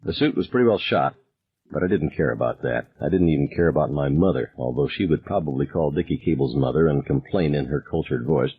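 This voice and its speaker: A man reads a novel aloud in the first person, his delivery turning intense as tension rises. His voice sits very low and sounds husky and breathy. The recording has a slightly dull, lo-fi quality. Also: animated, fairly quick. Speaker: audiobook narrator. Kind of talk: first-person audiobook narration.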